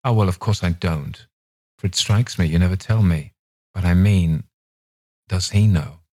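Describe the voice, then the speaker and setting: A man's voice: deep voice, unhurried, warm tone, no echo, studio quality. A man reading a story aloud voices a precocious, sweetly teasing young boy in a raised, coaxing voice.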